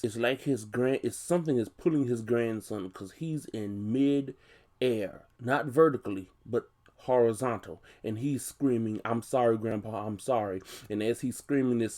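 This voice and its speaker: A man's voice: mid-range voice, dark tone. A man casually retelling a film's plot as a reviewer, chatty and loose, with frequent conversational asides. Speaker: movie reviewer. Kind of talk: casual movie plot recap.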